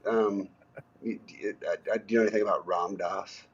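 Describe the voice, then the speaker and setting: A male musician guest talking casually about his songs in an easygoing, halting way, full of ums. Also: fairly low pitch, steady tone, slightly rough, lo-fi sound. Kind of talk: casual interview talk.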